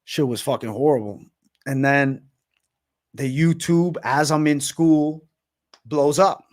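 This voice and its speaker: A man's voice: a little high, takes it slowly. A man in his twenties hosting a casual livestream, hyped and profane, heavy on slang. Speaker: livestream host.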